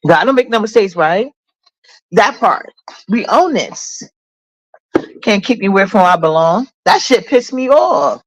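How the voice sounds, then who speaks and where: A woman's voice: mid-range voice, big pitch swings, unhurried, pauses often, poor audio. A woman hosts a livestream in a casual, chatty way. She is blunt and full of sass, and she addresses her chat directly as she goes. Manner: blunt, sassy, talks straight to her chat. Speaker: livestream host.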